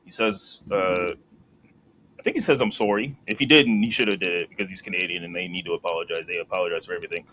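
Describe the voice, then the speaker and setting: A man with a lowish voice co-hosts a relaxed wrestling podcast, walking through the week's events as a loose story. He fills his recap with "uh" and "like." A faint background noise sits under his voice. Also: fast. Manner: storytelling recap, laughs and acts out quotes. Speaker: podcast co-host. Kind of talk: casual wrestling recap chat.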